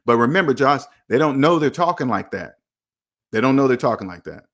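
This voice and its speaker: A man hosting a live personal finance stream, answering viewer comments in a blunt, animated way and acting out the people he quotes. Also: mid-range voice, a little fast.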